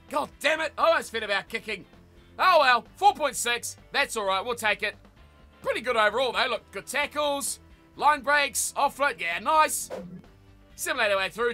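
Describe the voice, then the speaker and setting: A man with a New Zealand accent commentating his own rugby video game, yelling mock insults at the players and then muttering to himself. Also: very high voice. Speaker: gaming YouTuber.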